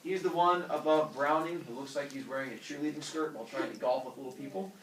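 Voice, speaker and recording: A man with a slightly high voice lectures fast, animated and jokey, acting out voices. The distant, roomy classroom recording has a noisy background.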